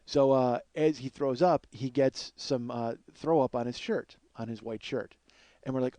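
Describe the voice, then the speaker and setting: A man telling a comic story from his youth in a rambling, animated way, full of fillers and acted-out quotes. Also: medium pitch, a little fast, dry recording. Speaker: comedian host.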